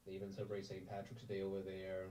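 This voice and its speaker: A man's voice: sits low, monotone, quick pace, dark tone, far from the mic, a little hiss or hum, poor audio. A man chatting casually on a video call, rambling on and often repeating "right there". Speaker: voice-acting community member.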